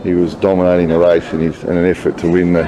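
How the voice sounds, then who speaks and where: A man's voice: low-pitched, completely flat delivery, quick pace, crowd noise. An Australian man touring a racetrack, chatting casually as an enthusiastic race fan. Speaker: travel vlogger host. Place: outdoors at a racetrack.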